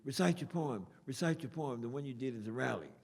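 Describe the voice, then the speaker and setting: A man's voice: medium pitch, expressive, fast, creaky, a little mellow, voice pushed up. An older man putting on the voice of an insistent young friend who coaxes him over and over. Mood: eager, insistent. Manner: insistent, coaxing. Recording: long hall reverb.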